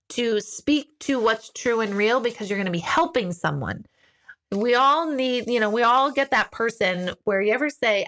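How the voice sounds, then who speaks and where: A woman in her forties hosting a casual live stream, reading viewer comments aloud and speaking candidly, acting out quotes with big jumps in pitch. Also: fairly bright tone.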